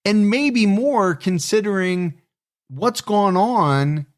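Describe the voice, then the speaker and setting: A man's voice: sits high, lively intonation, takes it slowly. Earnest man co-hosting a podcast. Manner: earnest, conversational, wrapping up the show. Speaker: podcast co-host. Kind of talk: casual podcast chat.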